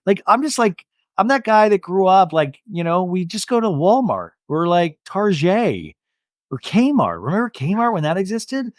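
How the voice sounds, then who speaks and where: Lively, animated man recapping reality TV. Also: high voice, moderate pace, no room sound, studio quality. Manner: animated, swears, acts out quotes. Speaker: podcast host.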